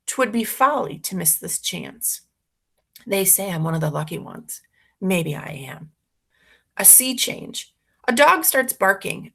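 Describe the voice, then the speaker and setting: A woman's voice: mid-range voice, gravelly, pushed and bright. A woman reading a children's story aloud expressively, narrating as a boy. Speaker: reader for schoolchildren.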